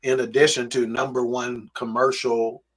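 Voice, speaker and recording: A man co-hosting a casual review podcast tells stories as an animated storyteller, acting out quotes along the way. His mid-range voice moves at normal speed.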